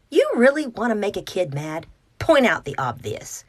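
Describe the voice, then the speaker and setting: A woman's voice: a little high, huge pitch swings, normal speed. A woman giving parenting advice to camera in a sarcastic, exasperated way, sometimes dropping to a whisper. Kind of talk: direct-to-camera opinion monologue.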